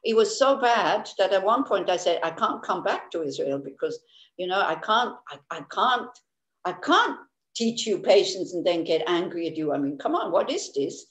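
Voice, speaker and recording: A woman's voice: on the low side, animated, moderate pace. A woman Buddhist teacher giving a casual dharma talk, candid and laughing often, with frequent restarts. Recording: echoey room.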